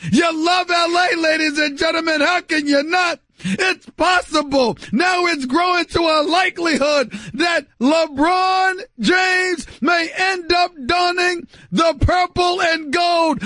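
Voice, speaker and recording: A man's voice: extremely high pitch, steady tone, measured pace, no echo, clean studio sound. A middle-aged man from New York hosting a sports radio show, giving an emphatic monologue that repeats phrases and addresses the listeners directly. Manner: loud, shouting, emphatic and theatrical.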